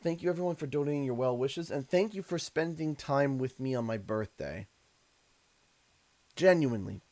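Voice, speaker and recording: A man's voice: mid-range voice, moderate pace, darkish tone, no room sound. A man from Canada chatting on a live stream, emotional and effusive, often stammering and repeating himself. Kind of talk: casual live-stream chat.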